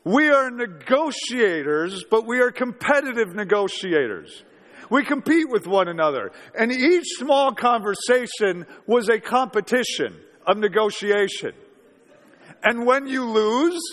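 Male pastor, 40s, high voice, conversational sermon with rhetorical questions, reverberant church hall. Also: a bit bright.

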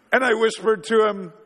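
Male pastor, 40s, high voice, conversational sermon with rhetorical questions, reverberant church hall. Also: a bit bright.

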